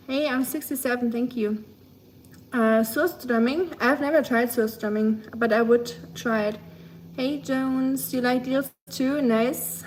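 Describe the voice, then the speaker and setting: A woman's voice: fairly high pitch, darkish tone, slight background noise. Chatty German-accented woman streamer. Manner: rambling and chatty, lots of "um" and "like". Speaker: livestreamer. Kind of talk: casual chat with a livestream audience.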